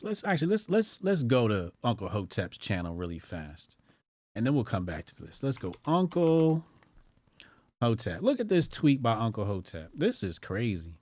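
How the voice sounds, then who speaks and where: A man hosting a casual livestream commentary, slangy and profane, talking to his chat and swinging between loud excitement and low mumbling. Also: no room sound. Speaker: streamer and news commentary host.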